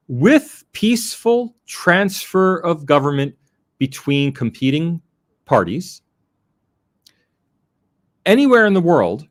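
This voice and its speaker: A man, an academic guest, giving a measured, emphatic interview answer with some restarts. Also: mid-range voice.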